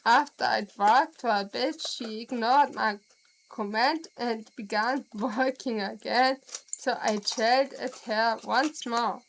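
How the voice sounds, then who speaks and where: A woman's voice: on the high side, vocal fry, a bit bright, slight background noise, poor audio. A woman with a German accent reading a visual novel aloud on stream and chatting with viewers. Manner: slow, deliberate reading with laughs and asides to chat.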